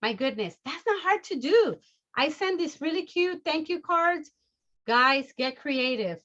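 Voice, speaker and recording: Bubbly high-voiced woman trainer. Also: unhurried, muffled recording. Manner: bubbly, excitable, always high energy. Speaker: sales trainer. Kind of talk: energetic training talk.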